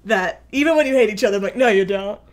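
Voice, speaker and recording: A young woman co-hosting a podcast, chatting casually and excitedly in quick back-and-forth. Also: medium pitch. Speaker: podcast co-host. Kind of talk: casual chat.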